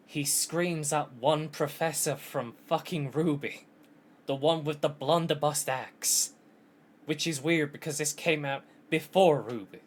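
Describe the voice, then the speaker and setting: A man's voice: fairly high pitch, measured pace, slight background noise. A man streaming a game, commenting in profane, self-mocking asides.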